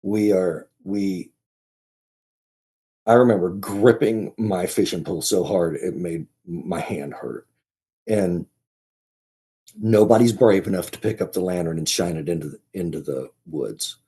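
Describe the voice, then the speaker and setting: A man as a podcast guest, telling a story in a casual, halting way, often restarting and repeating his words. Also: low-pitched, warm tone, breathy edge.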